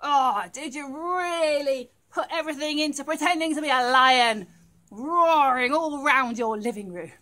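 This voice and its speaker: A woman presenting a library rhyme time for small children, talking to them at home in an animated way and making playful animal noises. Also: sits high, a little slow.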